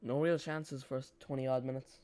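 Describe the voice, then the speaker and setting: A young man talks over a live football match, chatty and dry, with self-mocking jokes between calls of the play. His voice sits at an ordinary middle pitch. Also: fairly even intonation, fairly quick, dark tone. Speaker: live watch-along host. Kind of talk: casual live match commentary.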